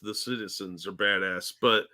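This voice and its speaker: A man's voice: lowish voice, steady tone, normal speed, sharp tone. A man co-hosting a casual podcast, easygoing, agreeable and joking. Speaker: podcast co-host.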